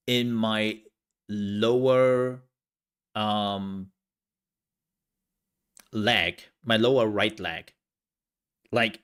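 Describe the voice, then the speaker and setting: A man's voice: on the low side, a bit bright. A young man chatting casually to his livestream viewers, rambling with lots of fillers and laughs. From outside the US, from a country with universal healthcare. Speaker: streamer.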